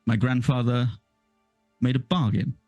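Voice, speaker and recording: A man voicing a scheming old village elder who talks down to people in a slow, gloating way. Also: medium pitch, steady tone, a little mellow, no echo, soft background music, lightly acted.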